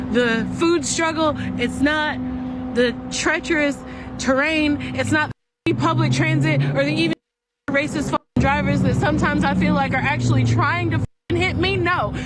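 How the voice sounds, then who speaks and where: A woman's voice: sits high, background noise. A woman telling a profane, exasperated story and acting out the people she quotes. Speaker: clip creator. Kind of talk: ranting storytime.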